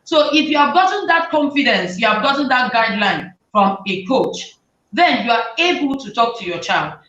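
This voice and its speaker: Animated woman host in a roomy space. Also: on the high side, normal speed. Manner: animated, acts out parents' and children's lines. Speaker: talk show host advising parents. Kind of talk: conversational advice talk. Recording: roomy, distant, dull sound.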